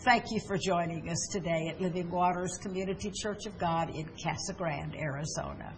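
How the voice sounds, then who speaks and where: A woman's voice: on the low side, brisk, rough recording. A woman pastor delivers an earnest sermon in a church and leads her listeners in prayer. She often stops herself with fillers and restarts. A faint hiss sits under the recording.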